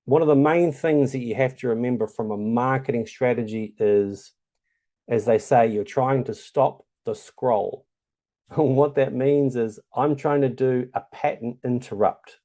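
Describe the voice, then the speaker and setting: The casual screen-share tutorial is led by a New Zealander whose delivery is chatty, loose and heavy on ums. His voice is mid-range and dark in tone, and he never hurries.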